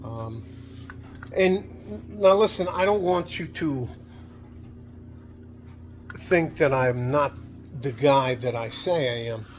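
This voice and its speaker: A man's voice: mid-range voice, slow pace, long pauses, slight background noise. A man vlogging in his home garage, talking in a rambling, profane, worked-up way. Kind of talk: casual vlog monologue.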